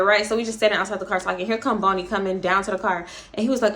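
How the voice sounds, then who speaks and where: A young woman telling a storytime vlog, animated and profane, breaking into laughter. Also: fairly high pitch, fast talker. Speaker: vlogger, storytime host.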